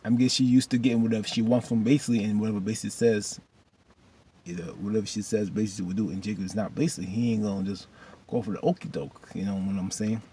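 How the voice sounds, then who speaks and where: A man casually recaps a drama episode, loosely retelling scenes with lots of fillers and asides, and sometimes preachily addresses the characters directly. His voice is lowish, warm, and husky, with fairly even intonation, and he talks fast.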